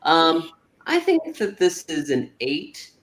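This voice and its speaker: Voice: medium pitch, huge pitch swings, takes it slowly, a bit bright, roomy sound. A speaker in a casual chat, hesitant and unsure.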